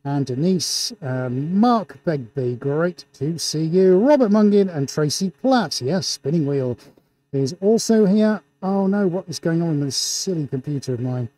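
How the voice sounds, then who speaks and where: Speaking through a face mask in an indoor studio, a livestream host and painter unhurriedly calls out shout-outs to viewers with a showman's excitement. His pitch is fairly high.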